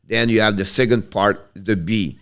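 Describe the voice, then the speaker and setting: Halting French-Canadian man, smooth voice. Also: fairly low pitch, a bit bright. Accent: Quebec French. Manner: halting, restarts often, switches between English and French. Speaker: hockey commentator hosting a live stream. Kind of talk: casual live-stream chat about hockey, answering viewers.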